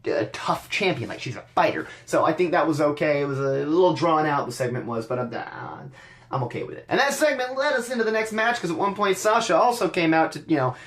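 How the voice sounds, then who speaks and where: A man's voice: fairly high pitch, very animated, a little fast, fairly bright tone. Male podcast host, casual wrestling recap, dry sarcasm, stammers and restarts.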